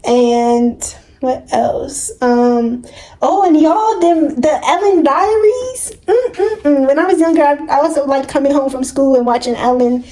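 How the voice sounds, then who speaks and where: Young woman booktuber gushing to the camera, high mellow voice, slow hums and gasps. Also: rough recording. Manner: gushing, animated, hums and exclaims often. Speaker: book vlogger. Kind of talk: casual reading vlog chat. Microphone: camera mic.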